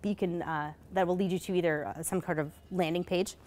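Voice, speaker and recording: A woman giving a conference presentation in a casual, hurried way, full of fillers and asking "right?" as she goes. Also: on the low side, fairly even intonation, a little mellow. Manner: casual, many fillers, rhetorical "right?" tags; hurried, self-correcting. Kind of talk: live presentation. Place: conference session.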